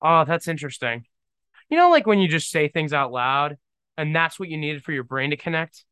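A young man hosting his own podcast, thinking out loud in a rambling, self-deprecating and joking way. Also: a little high, expressive, moderate pace, clean tone, no echo. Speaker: podcast host. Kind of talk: casual solo podcast monologue.

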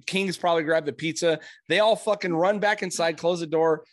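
A man's voice: fairly high pitch, brisk, no echo, studio quality. A middle-aged man telling a story in casual chat, swearing freely and acting out the people he quotes in raised voices. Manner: animated, profane, acts out quotes in raised voices.

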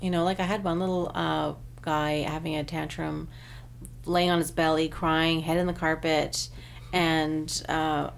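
A woman telling a lively anecdote in a casual conversation. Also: low voice, a little slow, vocal fry, a little hiss or hum. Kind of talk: casual storytelling.

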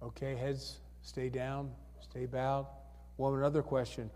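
This pastor's voice is medium in pitch and darkish, moving little in pitch and running a little slow. He leads an altar call in the church sanctuary, repetitively urging people to come forward and asking for hands over and over. Church hall reverb surrounds his words.

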